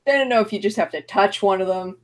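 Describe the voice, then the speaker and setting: A woman's voice: mid-range voice, fast talker, a crowd in the background. A woman co-hosting a casual movie review podcast, laughing often and swearing freely as she retells a plot. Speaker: podcast co-host.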